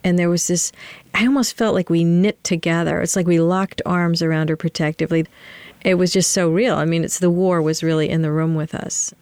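A woman's voice: fairly low pitch, steady tone, fairly quick, darkish tone, clear, resonant tone, dry recording. A woman playwright and solo performer in an interview, telling candid stories and laughing often. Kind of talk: interview conversation, storytelling.

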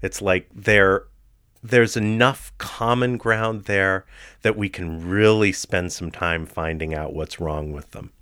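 A middle-aged man telling personal stories in an animated storytelling manner. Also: low voice, slow, clear, resonant tone. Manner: animated storyteller, voices people in quotes. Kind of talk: personal storytelling and performed tales.

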